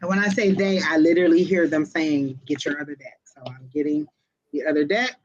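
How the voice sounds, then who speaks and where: A woman reading tarot live for viewers, talking quickly and directly to her audience in a lively, chatty way. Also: deep voice, muffled recording. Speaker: tarot and psychic reader.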